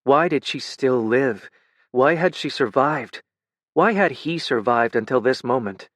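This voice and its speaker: A man narrating a dark fantasy audiobook in a measured, intimate way. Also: medium pitch, expressive, dry recording, clean studio sound.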